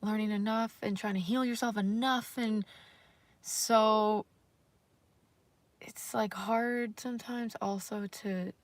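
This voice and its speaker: A woman's voice: medium pitch, fairly even intonation, slow pace, long pauses, dry recording. A woman vlogger talking casually on a livestream, rambling and self-conscious, with lots of fillers and the odd swear word.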